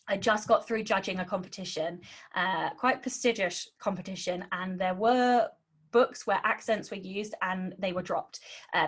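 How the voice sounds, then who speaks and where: A British woman giving a webinar lesson on writing, cheeky and sarcastic in tone, with lots of ums. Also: mid-range voice. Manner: says um a lot. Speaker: writing instructor.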